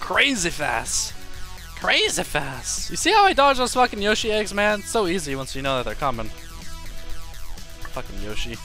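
A man's voice: sits high, animated, fairly quick, long pauses, sharp tone. A man playing a hard game and commenting live, swearing a lot and screaming when he is in danger. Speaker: gaming video host. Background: game music.

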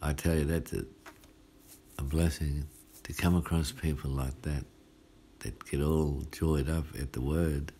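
An Australian-accented pastor delivers a midweek sermon in a flat, very low and mellow voice, taking his time. He keeps it chatty and folksy, frequently tossing a "hey?" to his listeners, while a faint hum lingers in the background.

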